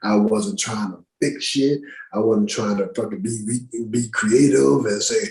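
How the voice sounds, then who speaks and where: A man's voice: medium pitch, fairly even intonation, a little slow, gravelly, roomy sound, rough recording. A middle-aged man who works as an actor, telling stories on a podcast in a casual, profane, slang-heavy way. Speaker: actor guest. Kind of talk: casual storytelling interview. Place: podcast studio room.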